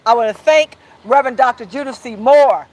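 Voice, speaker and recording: A woman's voice: on the high side, fairly quick, low-quality recording. A woman speaking at a press conference who leads the crowd in call-and-response chants and draws out her key words. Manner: rousing, leads chants and shouts slogans. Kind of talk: rally speech with call-and-response.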